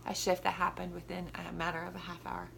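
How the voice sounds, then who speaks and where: A woman co-host speaking with emphatic enthusiasm in a casual chat. Her voice is low-pitched, with a bright, sharp edge and plenty of gravelly fry. A faint noise hangs behind her. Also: monotone, fast talker.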